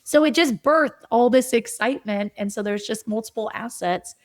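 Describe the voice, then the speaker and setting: A middle-aged woman speaks with an energetic, emphatic drive, like a coach rallying listeners. Her voice sits a little high, and the recording is dry and close, with almost no room sound. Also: moderate pace, no room sound. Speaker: physician and real estate investor guest. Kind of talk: podcast interview storytelling.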